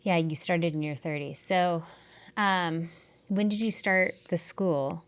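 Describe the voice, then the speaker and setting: A woman hosting a casual interview, asking relaxed questions and giving short affirming replies. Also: fairly low pitch, slow, clear, resonant tone. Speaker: host, interviewer.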